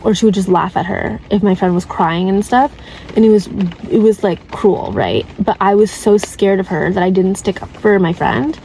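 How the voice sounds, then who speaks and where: A woman's voice: mid-range voice, normal speed, dark tone, slight background noise, low-quality recording. A woman in her twenties, from Canada, talking casually and candidly in a vlog and filling her speech with "like" and "right?". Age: 20s. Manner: chatty, heavy use of "like" and "right?", candid. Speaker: vlogger. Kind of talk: casual confessional advice talk.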